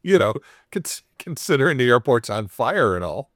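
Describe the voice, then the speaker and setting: A man's voice: mid-range voice, moderate pace, no room sound. Man, podcast host, storytelling, playful quoted voices, dry close sound. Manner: animated retelling, acts out quoted dialogue with chuckles. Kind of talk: casual chat, storytelling.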